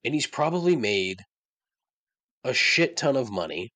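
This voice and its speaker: A man's voice: fairly low pitch, huge pitch swings, unhurried, vocal fry, pauses often, pushed and bright, dry recording. A man hosting his own podcast, ranting about songs he hates with sarcasm and frequent swearing. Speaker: podcast host. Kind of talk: casual monologue.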